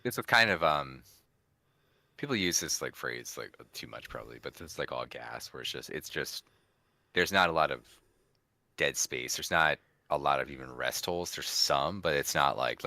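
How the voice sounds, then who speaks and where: A man's voice: very deep voice, expressive, moderate pace, vocal fry, bright, forceful tone, no echo. A man hosting a wrestling podcast, rambling casually with lots of restarts and the odd swear. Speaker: podcast host. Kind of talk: casual chat.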